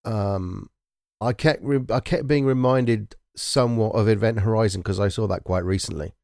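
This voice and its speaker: A man with a lowish, dry-sounding voice chatting casually about a movie on a podcast. He rambles and hesitates, filling gaps with ums as he works his thoughts out. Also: moderate pace, gravelly, darkish tone, no room sound. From Britain. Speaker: podcast co-host. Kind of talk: casual film discussion.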